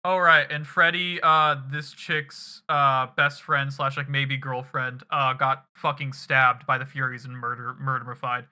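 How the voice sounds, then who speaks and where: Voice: mid-range voice, little pitch movement, unhurried, few pauses, sharp tone. A streamer recapping a game to chat in a loose, rambling, casual way with some swearing.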